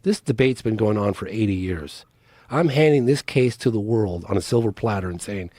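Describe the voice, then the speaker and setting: A man's voice: on the low side, lively intonation, normal speed, mellow, no echo. A man, a documentary filmmaker, talking as a podcast guest in an earnest, urgent way and pressing his case. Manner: earnest, urgent, pleading appeals. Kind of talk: casual interview talk.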